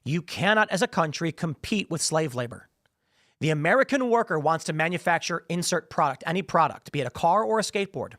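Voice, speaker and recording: A man's voice: a little high, a little fast, no echo, studio quality. A man hosting a political commentary show, talking in a sarcastic, opinionated way and acting out the voices of the people he quotes. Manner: animated, acts out quoted voices. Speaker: show host.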